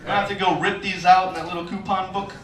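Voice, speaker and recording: On a comedy club stage, a man performs stand-up fast, his high voice showing little pitch movement. He acts out the voices of people in his stories. The mic is far off in an echoey club, with loud crowd laughter.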